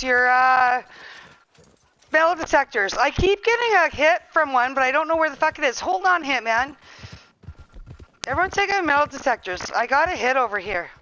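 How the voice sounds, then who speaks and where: A woman's voice: high voice, bright, forceful tone, rough recording. A woman from Western Canada with a Canadian accent, chatting casually with friends while streaming a game, laughing, teasing and swearing freely. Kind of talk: casual gaming chat with friends.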